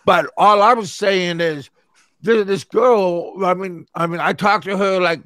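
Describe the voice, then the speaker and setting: Casual male host, high pitch, dry close sound, stutters and repeats himself as he tells a story. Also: unhurried, fairly bright tone, no echo. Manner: stammering, repeats his words often; talks back to chatters who interrupt him. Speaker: show host.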